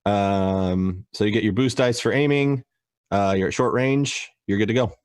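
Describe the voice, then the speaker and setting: A man narrating a tabletop role-playing game as game master, relaxed and often pausing on fillers. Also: on the low side, clean tone. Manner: relaxed, hesitant with many fillers.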